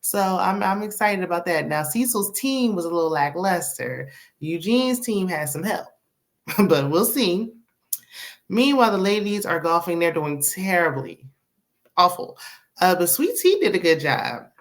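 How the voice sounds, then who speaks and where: Sassy, chatty woman with a lowish voice. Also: lively intonation, a little slow. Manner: sassy, chatty, punctuated with "okay?" and "honey"; laughs often while talking. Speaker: reality TV recap vlogger. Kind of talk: casual opinionated recap.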